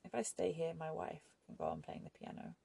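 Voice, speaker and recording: A woman reading a quiet, resigned young man, gravelly. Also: low voice, fairly quick, heavily acted. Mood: sorrowful. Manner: soft-spoken, never raises voice.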